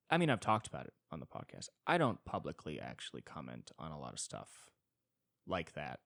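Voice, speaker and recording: A tired, yawning man from the Southern California suburbs rambles through a solo podcast, mocking himself and swearing as he acts out other people. His voice sits fairly low but swings widely in pitch. It is recorded dry, close to the mic, with no room sound. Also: dry recording. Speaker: podcast host.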